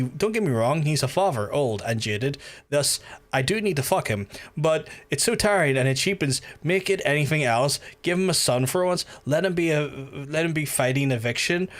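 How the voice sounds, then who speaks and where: Rambling, swearing streamer man. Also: medium pitch. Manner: rambling, chatty, swears often. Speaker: gaming streamer. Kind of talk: casual livestream commentary. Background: game music.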